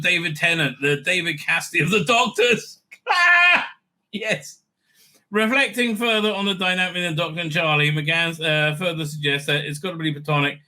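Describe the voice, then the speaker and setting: A man's voice: fairly high pitch, pushed and bright. A man hosting a channel, giving sarcastic, profane commentary over clips and dropping into exaggerated mocking voices.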